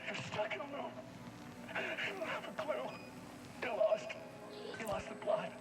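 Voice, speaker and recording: A tormented male writer in a video game, raving in a high, wildly swinging voice. He mutters frantically, repeats himself over and over, and turns menacing, with loud game music behind him. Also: big pitch swings, measured pace, heavily acted, rough recording.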